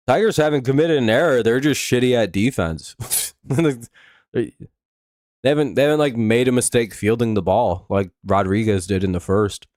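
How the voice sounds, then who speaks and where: A man's voice: mid-range voice, normal speed, a little mellow, no room sound, clean studio sound. Profane, ranting man on a livestream. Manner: profane, exasperated ranting at chatters. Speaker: livestream host. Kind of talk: casual live game watch-along chat.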